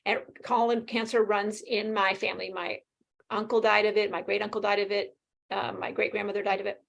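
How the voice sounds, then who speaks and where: A woman in her fifties, a guest talking casually and quickly in an interview, animated and laughing often. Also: mid-range voice, creaky, dull audio. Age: 50s. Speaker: guest sharing her experience.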